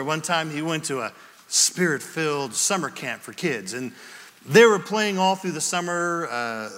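A man's voice: sits high, sharp tone, in a large hall. A man preaching as a pastor, telling a story with acted-out quotes. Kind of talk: sermon.

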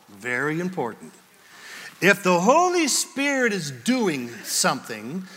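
A man's voice: high voice, sharp tone, long reverb tail. A man preaching as a pastor, telling a story with acted-out quotes. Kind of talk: sermon.

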